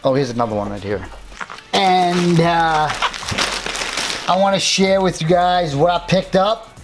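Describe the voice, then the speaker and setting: A man hosting a casual unboxing vlog, excited and chatty, rambling about his finds. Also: sits high, slow pace, long pauses, faint music behind. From New York, United States. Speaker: host.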